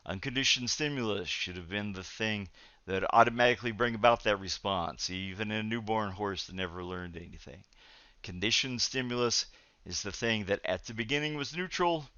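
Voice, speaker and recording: A male psychology lecturer giving a recorded video lecture in a measured, explanatory way, often pausing on "uh" fillers. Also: fairly low pitch, pushed and bright, dry recording. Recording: dull, lo-fi, dry recording.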